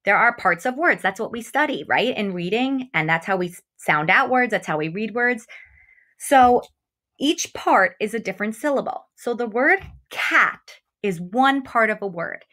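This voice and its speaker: A woman teaching a remote phonics lesson to young children. She is encouraging, speaks straight to her students and stretches out example words slowly. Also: medium pitch, animated, bright, forceful tone. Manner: slow, exaggerated enunciation of example words. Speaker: first grade teacher.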